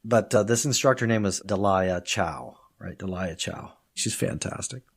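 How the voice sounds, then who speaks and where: A man with a somewhat low voice, speaking as a guest on a conversational podcast interview. He tells lively stories, laughs often, and slips into put-on voices when he quotes people. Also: moderate pace, breathy edge. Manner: laughs often while talking. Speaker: guest, professor of Chinese.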